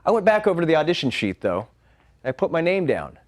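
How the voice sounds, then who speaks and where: A man performing a wry, animated comic monologue as a solo storyteller. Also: on the high side, fast.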